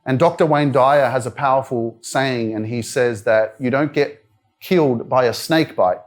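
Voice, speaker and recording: A man's voice: mid-range voice, normal speed. Australian man telling a personal story. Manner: candid storytelling, frequent "like" and "you know" fillers. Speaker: motivational speaker. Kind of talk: live motivational talk. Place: wellness centre event room.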